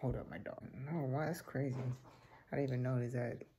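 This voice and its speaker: A man's voice: mid-range voice, a little fast, mellow, slight background noise. A teenage boy hosting a reaction video, chatting casually and rambling between remarks. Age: teens.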